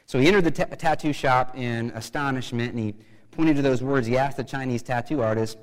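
Male pastor, sermon, casual then loud emphatic bursts, long hall reverb. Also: medium pitch, steady tone, a little fast.

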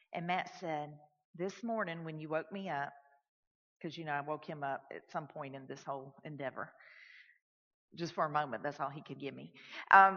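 A woman telling a personal story in a sermon, animated and swinging from loud to hushed. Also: low voice. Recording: echoey hall, dull lo-fi sound.

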